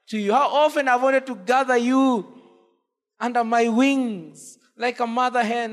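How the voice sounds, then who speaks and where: A man's voice: very high-pitched, steady tone, a little slow, long reverb tail. A man preaching a sermon from a pulpit, impassioned, his voice swelling on repeated cries and appeals. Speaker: pastor. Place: church with long reverb.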